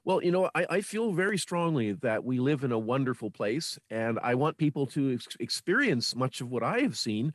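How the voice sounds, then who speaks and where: A man from Manitoba, Canada, talks as a radio interview guest in an earnest, informative way. He has a middle-pitched voice, and the recording is close and dry, with no room sound. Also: sing-song, moderate pace, few pauses, no echo. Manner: earnest and informative, with small restarts. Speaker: radio guest on local history.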